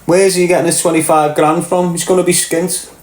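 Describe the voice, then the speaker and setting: Brisk and a little high-pitched, with little pitch movement, a Liverpudlian streamer reads chat aloud. His casual rant is blunt and peppered with swearing, and the sound carries a roomy echo.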